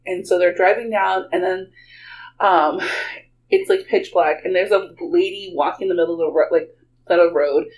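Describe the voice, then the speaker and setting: A woman's voice: lowish voice, normal speed, slight background noise, low-quality recording. Chatty woman, laughing storyteller. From Texas. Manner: animated, laughs often, many "like" fillers. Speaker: guest storyteller. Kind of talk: casual storytelling.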